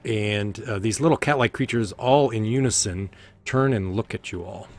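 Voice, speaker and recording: A man narrating a tabletop game as game master, slow and hesitant with lots of fillers. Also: fairly low pitch.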